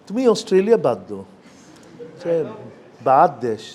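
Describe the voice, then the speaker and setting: A man from Sylhet with a Sylheti accent, a university lecturer giving a lively, chatty workshop talk to students and often checking they follow. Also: a little high, racing. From Bangladesh, Sylhet region. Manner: chatty and enthusiastic, asks for agreement often.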